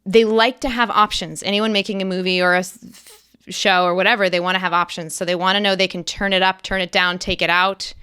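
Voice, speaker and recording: A woman's voice: medium pitch, level tone, a little fast, pushed and bright, smooth. A woman actress talking as an interview guest in casual, enthusiastic, emphatic chat. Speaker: guest actress and accent coach.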